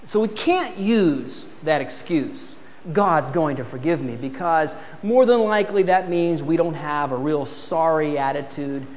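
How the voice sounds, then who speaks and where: A man's voice: a little high, animated, measured pace, few pauses, a little mellow, in a large hall. A man preaching a sermon, asking the congregation to read aloud and acting out excuses in mock voices.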